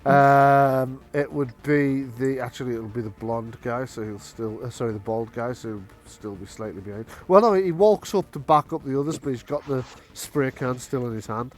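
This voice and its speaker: A man's voice: medium pitch, moderate pace, hardly any pauses. A man running a tabletop game as game master, narrating with frequent hesitations. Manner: hesitant, many ums and restarts.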